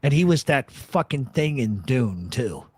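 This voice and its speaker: A talk host who swears freely and wanders from story to story. His husky voice leaps up and down as he talks. He is recorded close and dry, with no room sound. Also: medium pitch, unhurried, dry recording. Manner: profane, rambling, animated storyteller. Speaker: podcast host. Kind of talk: casual chat.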